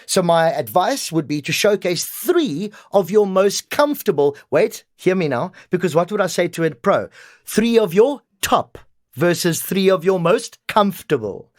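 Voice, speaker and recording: A man's voice: sits high, no room sound, studio quality. A middle-aged man, a voice coach talking emphatically in a podcast conversation. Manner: animated, emphatic, quick to act out examples. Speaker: voice artist and coach.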